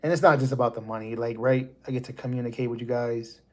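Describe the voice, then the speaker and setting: A man's voice: medium pitch, steady tone, fast, darkish tone. A man from the United States hosting a live stream, talking to his chat in a loose, rambling, conversational way. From USA. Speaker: livestream host.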